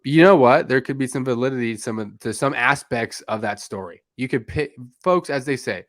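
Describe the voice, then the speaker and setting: A man's voice: mid-range voice, fairly quick, no echo, studio quality. A man hosting a casual sports podcast, laid-back, swearing freely and talking to listeners as folks. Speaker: podcast host.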